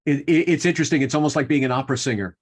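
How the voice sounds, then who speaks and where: A man's voice: fairly high pitch, rapid-fire. A male interview host, eager and stumbling over his words with repeated starts. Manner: enthusiastic, stammering repeats. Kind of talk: casual interview.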